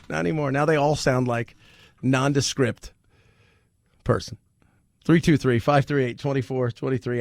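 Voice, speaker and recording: Male radio host, gravelly, slightly high, animated and joking, dry studio sound. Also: dry recording. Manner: joking, animated, laughs often. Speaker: radio talk show host. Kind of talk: casual talk radio monologue.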